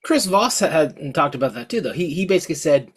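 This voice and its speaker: Podcast co-host, casual talk, chatty, halting restarts, laughs often. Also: mid-range voice, sing-song, husky. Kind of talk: casual conversation.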